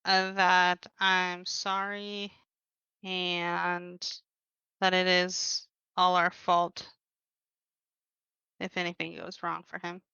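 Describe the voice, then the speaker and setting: A woman playing a tabletop game, talking in a flat, matter-of-fact way. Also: fairly low pitch, drawn-out words, creaky, long pauses, smooth, dry recording, lo-fi sound. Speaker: player.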